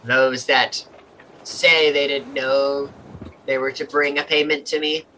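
Man voicing a slow, scheming merfolk trader chief. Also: medium pitch, flat delivery, sharp tone, slight background noise, poor audio. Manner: slow, measured, coolly bargaining. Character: scheming male merfolk leader, a shrewd trader.

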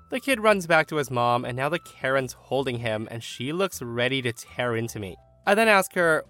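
A man narrating a story with a lively, expressive reading. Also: medium pitch. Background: faint music.

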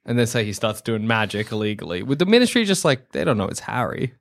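A speaker trading jokes with friends in a loose comedic chat. The voice sits in a middle pitch and jumps around a lot. They keep landing playful punchlines. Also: very animated, fast talker. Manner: joking, playful, adds punchlines.

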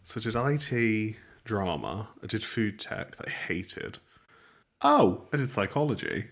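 A man's voice: lowish voice, sing-song, measured pace, creaky, fairly bright tone. A young man co-hosting a podcast, chatting casually, blunt, wry and sweary. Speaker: podcast co-host. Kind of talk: casual chat.

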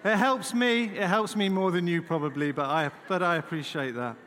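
A man's voice: high voice, moderate pace, a bit bright, slight background noise. A middle-aged male pastor telling a story in a sermon, chatty and self-deprecating. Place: church. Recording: long reverb of a church hall.

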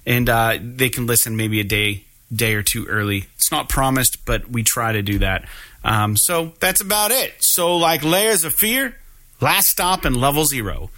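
A man chats on his podcast in a bright, forceful voice, recorded close and dry. He talks loosely and profanely and laughs as he tells a story. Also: medium pitch, normal speed, no echo. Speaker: podcast host. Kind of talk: casual podcast chat.

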